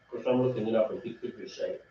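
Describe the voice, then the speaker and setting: A man co-hosts a homebrewing show, chatting casually while brewing and laughing often. His voice is on the low side with a level tone, and he talks very fast. The sound is roomy, distant and dull, with faint background noise.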